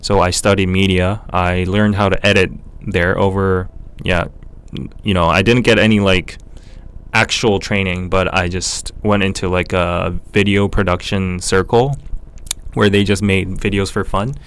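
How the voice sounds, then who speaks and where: A young Korean man with a North American accent hosts a casual livestream Q&A, podcast-style, his clean, clear voice low-pitched and resonant. He talks a little slowly in a relaxed, chatty way, dropping lots of ums and other fillers.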